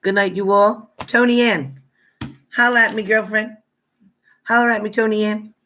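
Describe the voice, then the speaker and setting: A tarot reader talks casually to a live-stream audience in a plain, straight-talking way. The voice is playful and quick to laugh as it greets viewers one by one. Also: mid-range voice, steady tone, bright, forceful tone. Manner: chatty, greets viewers by name; laughs often, playful banter.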